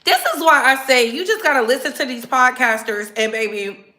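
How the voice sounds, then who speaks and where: A woman hosting her own commentary channel, talking straight to her viewers in a sassy, animated way. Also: high-pitched, normal speed, roomy sound. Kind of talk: casual commentary.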